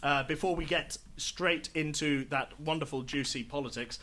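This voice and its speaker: Male game master, bright slightly high voice, chatty host of a live tabletop game on stage. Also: normal speed. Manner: chatty, filler-heavy, upbeat. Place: live stage show before an audience.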